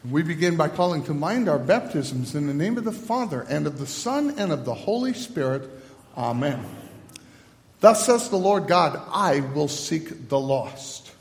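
A man, a pastor, leading a church liturgy, first with halting announcements, then in a measured liturgical cadence. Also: a little high, big pitch swings, vocal fry. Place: church sanctuary. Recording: long reverb of a large church.

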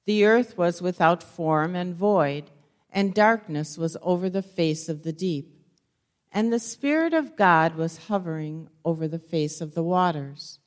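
A woman reads the scripture lessons aloud in church. She takes her time over each phrase, and her voice sits on the low side. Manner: slow, careful reading. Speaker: scripture reader. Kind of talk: scripture reading.

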